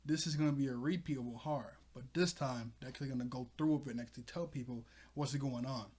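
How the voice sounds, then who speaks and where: A man's voice: medium pitch, fast talker, a little mellow, breathy edge. A man giving a casual, rambling recap of a manga chapter, chuckling as he goes. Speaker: manga reviewer.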